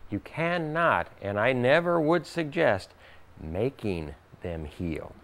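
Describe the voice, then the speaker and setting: Male workshop teacher, animated, acts out quotes, gravelly and lively. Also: medium pitch, takes it slowly. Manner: animated, acts out quoted voices, laughs often. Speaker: spiritual teacher. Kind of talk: workshop talk with audience questions.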